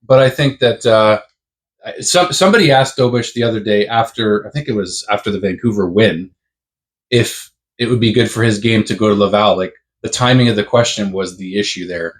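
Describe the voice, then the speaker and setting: A man's voice: lowish voice, a little fast. Chatty man talking hockey. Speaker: podcast co-host. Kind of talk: casual sports chat.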